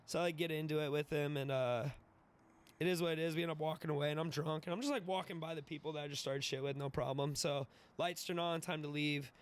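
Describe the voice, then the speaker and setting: A young man in his twenties, a podcast guest telling a wild story in an animated, profane way, laughing and acting out the voices. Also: a little high, fast talker. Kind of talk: casual storytelling.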